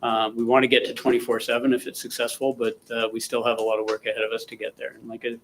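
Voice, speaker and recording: A man's voice: mid-range voice, monotone, fast talker, fairly bright tone, a little hiss or hum, poor audio. A man, a police official, answering reporters' questions at a press conference in a plain, matter-of-fact way.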